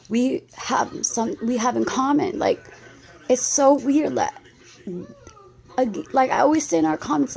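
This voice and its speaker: A woman's voice: mid-range voice, gravelly, a little mellow. A woman in her thirties from the United States, talking anxiously and rambling in an emotional vlog response, with many restarts. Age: 30s.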